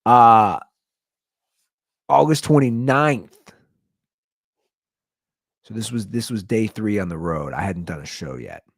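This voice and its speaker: Man, podcast host, casual comedic storytelling, jumps into high quoted voices, dry sound. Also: takes it slowly, pauses often, dry recording.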